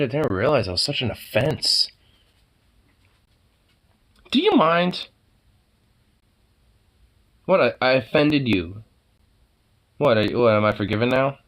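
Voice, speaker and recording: A man talks to his pets at home in a casual, swear-laden, teasing way. He sounds fond underneath the insults and slips into soft baby talk. His pitch swings widely from line to line. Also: expressive, slow, long pauses. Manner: playful teasing with frequent swearing. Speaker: pet owner talking to his cats.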